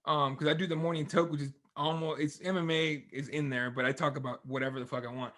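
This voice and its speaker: A man's voice: a little high, fast. A man hosting a casual sports podcast who rants loosely and swears often. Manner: profane, animated ranting. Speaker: podcast host. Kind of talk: casual chat.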